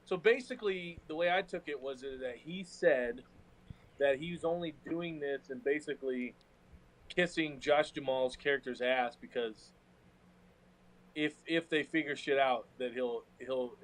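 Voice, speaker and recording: A man's voice: mid-range voice, moderate pace, rough recording. A man co-hosting a casual podcast, laid-back and hedging his opinions. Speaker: podcast co-host. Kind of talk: casual chat.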